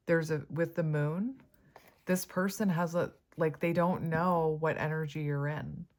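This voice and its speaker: A woman's voice: sits low, fairly even intonation, a little slow, a little mellow. A woman giving a casual tarot reading, chatty and prone to giggling, with lots of fillers. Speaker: tarot reader.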